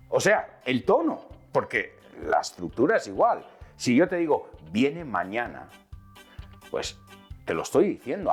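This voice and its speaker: An English teacher hosts a bilingual lesson, moving between English and Spanish as he explains with plenty of energy. His voice sits a little high, and he acts out the example lines.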